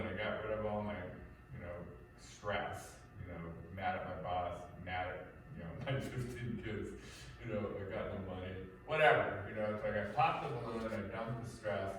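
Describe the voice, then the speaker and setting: A man's voice: on the low side, a bit bright. Rambling male instructor in an echoey room. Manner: rambling, conversational, many fillers and restarts. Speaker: martial arts and life-skills instructor. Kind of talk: informal lecture to a class. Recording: echoey room from far off, faint noise.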